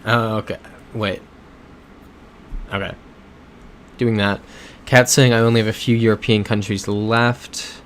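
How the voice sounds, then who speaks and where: A man in a relaxed, rambling livestream chat, reading out messages from viewers and answering them easily. His voice sits somewhat low, with a faint hum of noise behind him. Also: unhurried, pauses often. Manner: chatty, reads viewer comments aloud and reacts to them; laid-back, with soft chuckles. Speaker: livestream host. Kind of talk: casual livestream chat while playing a geography game.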